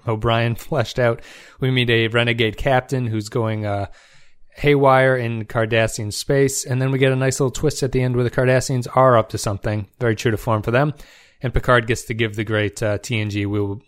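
A man hosting a solo review podcast, talking in a loose conversational way with frequent fillers and restarts. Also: medium pitch. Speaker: podcast host.

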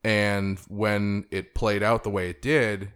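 A man's voice: fairly low pitch, level tone, slow pace, a bit bright, smooth. A man co-hosting a podcast, talking through a TV show in a thoughtful, rambling way. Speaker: podcast co-host. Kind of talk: casual TV discussion.

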